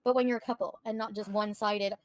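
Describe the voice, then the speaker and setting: A woman's voice: mid-range voice, fairly even intonation, fast, no room sound. A woman livestreaming, bluntly and profanely venting to her chat. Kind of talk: casual livestream rant to chat.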